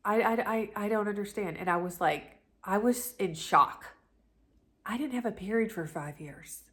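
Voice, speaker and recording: A woman's voice: mid-range voice, slow, pauses often. Chatty woman telling a story. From North Carolina, USA. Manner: chatty and animated, with many restarts and asides. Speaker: lifestyle vlogger. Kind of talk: casual storytelling to camera.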